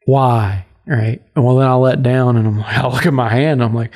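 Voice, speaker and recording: A man's voice: mid-range voice, fairly even intonation, brisk, darkish tone. A man hosting a podcast, telling hunting stories in a rambling, laughing way, full of "like" and "right?". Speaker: podcast host. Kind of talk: casual storytelling chat.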